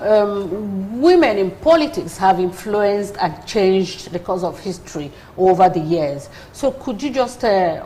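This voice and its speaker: A woman's voice: medium pitch, darkish tone, slight background noise. A woman hosting an interview, asking questions in a formal, polite way. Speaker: interviewer, host.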